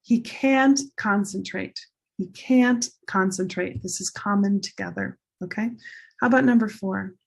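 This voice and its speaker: A woman teacher slowly and carefully drilling English pronunciation in a recorded lesson. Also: mid-range voice, gravelly, husky. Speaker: ESL teacher.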